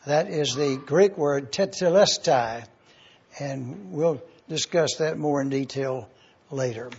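Man, preacher, slightly high voice, unhurried teaching sermon. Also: vocal fry, darkish tone, slightly rough. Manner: slow, deliberate, repeats points for review. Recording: dull lo-fi recording.

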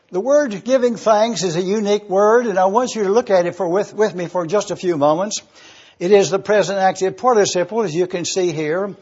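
Man, pastor, high husky voice, measured teaching sermon, dull muffled recording. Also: a little mellow. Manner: slow, deliberate, spells out Greek words letter by letter. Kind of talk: expository sermon.

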